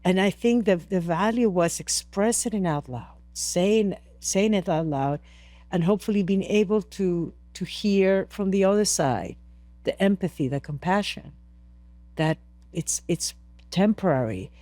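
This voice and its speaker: A woman's voice: fairly low pitch, expressive, a little slow, dark tone, no room sound. Earnest woman guest, dry close sound. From Peru. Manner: earnest, emotional retelling with many restarts. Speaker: interview guest. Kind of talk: podcast interview storytelling.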